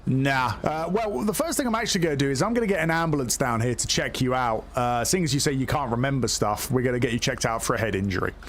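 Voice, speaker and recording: A man's voice: mid-range voice, lively intonation, fast, few pauses, a bit bright. A man streaming a police game live, talking himself through it in a hesitant, chatty way full of fillers. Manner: hesitant, chatty, lots of fillers and self-talk. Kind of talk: live gameplay commentary.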